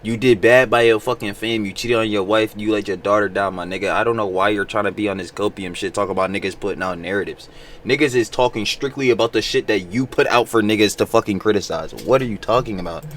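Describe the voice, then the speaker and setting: A man's voice: fairly low pitch, quick pace, fairly bright tone, a little hiss or hum. Exasperated, foul-mouthed man reacting. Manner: blunt, exasperated, heavy swearing. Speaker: reaction video host. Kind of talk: profane reaction commentary.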